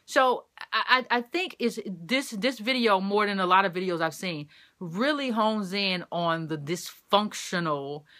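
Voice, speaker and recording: A woman's voice: medium pitch, a little slow, pushed and bright. A woman giving impassioned opinion commentary, repeating phrases for emphasis.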